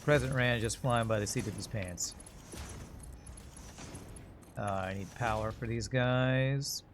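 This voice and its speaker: A man's voice: mid-range voice, slow, a little hiss or hum. Man thinking aloud on a game stream. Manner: rambling, thinks aloud, self-mocking. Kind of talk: casual live-stream commentary while playing.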